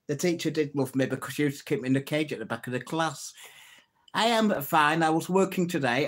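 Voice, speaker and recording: A man hosting a live stream, telling jokes, laughing at his own puns and chatting to viewers. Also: on the high side. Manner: greets and answers viewers' comments.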